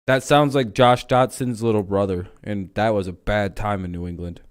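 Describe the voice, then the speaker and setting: A man's voice: lowish voice, fairly even intonation, normal speed, clear, resonant tone. A man hosting a livestream, chatting casually about football in a rambling, joking way with plenty of swearing. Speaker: livestream host. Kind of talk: casual sports chat.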